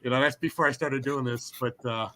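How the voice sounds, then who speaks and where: A man, a paranormal investigator telling his experiences in a casual podcast chat, animated with frequent restarts. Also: medium pitch, brisk.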